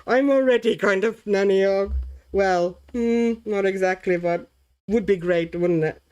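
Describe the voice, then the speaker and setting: Colouring on a laid-back livestream, this woman from Latvia reads viewers' comments out loud, chats with them and reflects on her work. She has a clear, resonant, medium-pitched voice and speaks a little slowly, chatty and quick to laugh.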